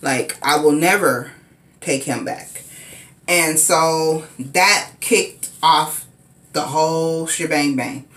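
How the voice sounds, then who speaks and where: A woman's voice: sits low, slow, a bit bright, reverberant. A woman telling a personal story in a casual, rambling way, repeating herself and using many fillers.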